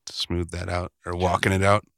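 A man with a very deep voice co-hosts a podcast in casual chat. He sounds laid-back and quick to laugh, tossing in wisecracks. The recording is close and dry. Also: flat delivery, a bit bright, dry recording. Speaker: podcast co-host.

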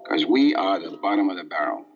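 An actor playing a war-weary American infantry soldier in a grim, muttering 1960s TV drama style. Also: male voice, sits low, sing-song, a little fast, full character voice. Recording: dull old TV soundtrack with music.

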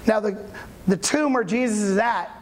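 A pastor preaching in a conversational, animated way, retelling a story and checking in with the audience. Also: mid-range voice, moderate pace. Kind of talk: sermon.

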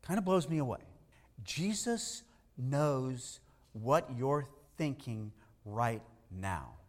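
A man preaching a sermon, animated, swinging between loud emphasis and hushed asides. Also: medium pitch, slow pace. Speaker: pastor. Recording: long hall reverb.

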